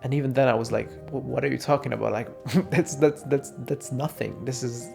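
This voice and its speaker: A young man vents to camera in a loose, sarcastic rant, swearing freely and mocking others in quoted voices. His voice sits at a middle pitch and turns gravelly and fried. Faint music plays softly beneath him. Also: fairly even intonation, fairly quick. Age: young adult. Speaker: vlogger. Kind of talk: casual ranting monologue.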